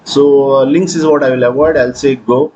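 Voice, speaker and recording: A man hosting a software tutorial, talking through his screen with frequent hesitations. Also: medium pitch, fairly even intonation, moderate pace, low-quality recording. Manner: hesitant, many fillers. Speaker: tutorial host. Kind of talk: screen-recording software walkthrough.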